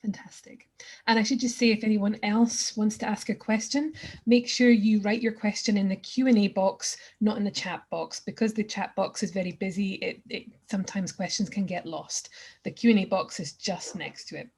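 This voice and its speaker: A woman's voice: medium pitch, fairly even intonation, normal speed, a little mellow, husky. A woman moderating an online conference Q and A over a video call, upbeat and encouraging. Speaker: session moderator. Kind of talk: hosting a Q and A.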